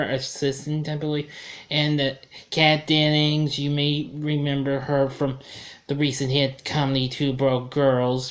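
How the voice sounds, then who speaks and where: A man giving a casual film review, rambling and correcting himself as he goes. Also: fairly high pitch. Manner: rambling, self-correcting, chuckles at his own slips.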